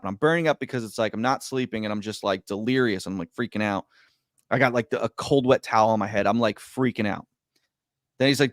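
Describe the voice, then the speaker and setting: Guy rambling thru a story on a podcast, mid-pitched, dry close sound, lots of like and you know. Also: fast, no room sound. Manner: rambling, stumbling over words, lots of fillers; animated, swings between loud and quiet. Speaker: podcast guest. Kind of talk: casual storytelling chat.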